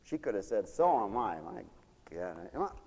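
Animated folksy preacher man, echoing hall. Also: lowish voice, unhurried, breathy edge. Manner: animated, folksy, acts out quoted people. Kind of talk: folksy sermon.

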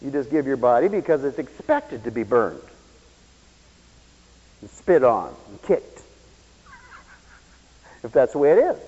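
A man preaching a sermon, swinging between loud exclamations and low asides and acting out the voices of the people he quotes. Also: big pitch swings, unhurried, pauses often, husky. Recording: dull, lo-fi radio broadcast with hall reverb.

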